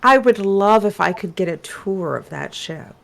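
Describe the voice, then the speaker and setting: A woman's voice: mid-range voice, lively intonation, unhurried, creaky. A woman playing a tabletop game, bantering in a teasing, flirty way. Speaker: player.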